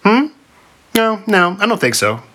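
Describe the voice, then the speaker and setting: A fierce winged Sphinx, a female monster who flips between bloodthirsty threats and breezy chatter, done by a male narrator. The voice sits high and sounds bright and shrill. It suits a playful storybook reading. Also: big pitch swings, unhurried, full character voice.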